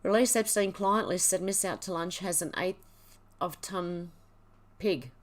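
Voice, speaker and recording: A woman's voice: lowish voice, measured pace. A woman, hosting a casual livestream, reading headlines and viewer comments in a chatty, exclaiming way and laughing often. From Australia. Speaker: livestream host.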